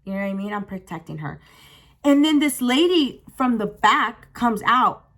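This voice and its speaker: Animated young woman telling a story. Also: a little high, normal speed. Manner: animated, with dramatic gasps and frequent restarts. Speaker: vlogger. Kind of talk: storytime vlog, casual chat.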